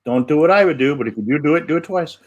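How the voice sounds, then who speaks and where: A man co-hosting a live show, reading viewer questions aloud and chatting with hesitant pauses. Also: fairly high pitch, lively intonation, highs cut off. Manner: hesitant, lots of fillers. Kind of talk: casual live-stream chat.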